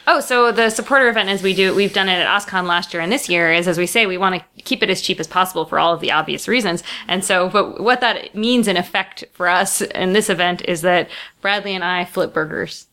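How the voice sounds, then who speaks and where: Podcast co-host, woman from Long Island, lowish voice, earnest and explanatory, laughs easily. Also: brisk, hardly any pauses, bright, forceful tone. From Long Island, New York. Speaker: podcast co-host, executive director. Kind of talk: casual chat.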